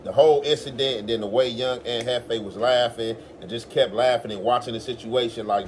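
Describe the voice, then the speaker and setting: Rich: A man on his own commentary show, defending himself at length and acting out the lines of others as he retells the story. His pitch sits in the middle range, and a faint hiss of noise runs under the voice. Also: steady tone, brisk, hardly any pauses. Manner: defensive, insistent, acts out quotes. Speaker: host. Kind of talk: commentary on a podcast clip.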